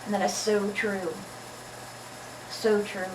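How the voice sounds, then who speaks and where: A woman's voice: medium pitch, little pitch movement, slow, background noise. A woman with a slight lisp reads Bible passages aloud in a casual vlog and chats and jokes between the readings. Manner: chatty, joking between readings. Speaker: Bible reader. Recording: echoey room, far from mic.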